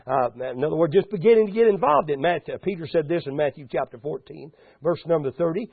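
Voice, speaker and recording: A man's voice: fairly high pitch, fast, vocal fry, few pauses, breathy edge, no room sound. A man preaching a sermon in a folksy manner that rises into fervent exhortation, heard over a tinny radio broadcast.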